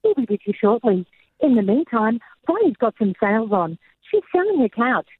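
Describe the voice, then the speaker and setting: Woman caller, polished announcer delivery, husky, tinny phone line. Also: a little high, big pitch swings, normal speed, no room sound. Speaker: caller, flight attendant. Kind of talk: phone-in caller doing a recorded-message voice.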